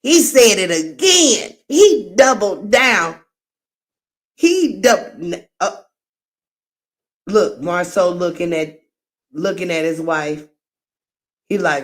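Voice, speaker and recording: A woman hosts a live reaction commentary, talking in an unhurried, drawn-out way. She is frank and exclaiming, breaking into laughing asides as she reacts. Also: fairly low pitch, lively intonation. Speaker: host.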